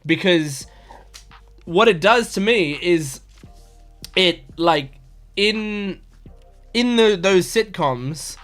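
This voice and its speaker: A man's voice: high voice, lively intonation, slow, pauses often, fairly bright tone, faint music behind. A man in his twenties talking casually about an anime episode, enthusiastic and rambling, with lots of fillers and restarts. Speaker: anime reaction YouTuber.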